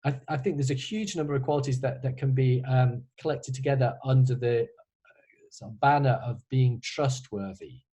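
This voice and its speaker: A man's voice: medium pitch, moderate pace, warm tone, husky, poor audio. A man who is a composer, answering student questions on a video call in a casual, hesitant way, with many restarts and a wry humor. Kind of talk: casual online Q&A.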